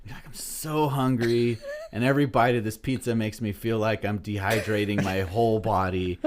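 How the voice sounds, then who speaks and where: A man co-hosting a casual comedy podcast, spinning an animated story with lots of swearing. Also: lowish voice, fairly quick, slight background noise. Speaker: podcast co-host.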